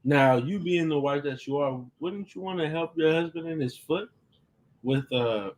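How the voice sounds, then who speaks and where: A man's voice: on the high side, moderate pace. A man joking on a casual live show, playful and laughing a lot. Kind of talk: casual live-stream chat.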